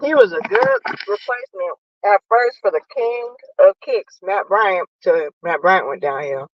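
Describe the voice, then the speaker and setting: A woman hosting a casual, profane sports chat from her parked car while eating lunch, animated and nosy. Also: medium pitch, measured pace, no echo, muffled recording. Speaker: sports podcast host. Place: parked car in a parking lot.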